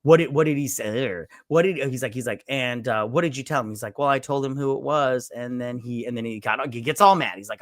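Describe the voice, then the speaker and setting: A man's voice: mid-range voice, a little fast, hardly any pauses, no echo, studio quality. A man hosting a casual movie review chat, retelling scenes in a rambling way with profane asides. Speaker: podcast host.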